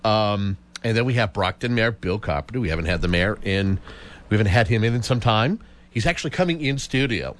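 Chatty radio host, lively low voice. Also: male voice, brisk. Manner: chatty, animated, frequent restarts. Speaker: radio talk show host. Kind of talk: casual radio talk.

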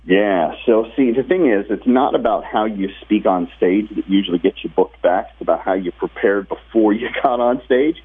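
A talkative man is being interviewed over a tinny phone line. His voice is husky and rough, and sits fairly low. He explains his ideas energetically and restarts sentences as he goes. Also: normal speed, hardly any pauses. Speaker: guest, professional speaker and author.

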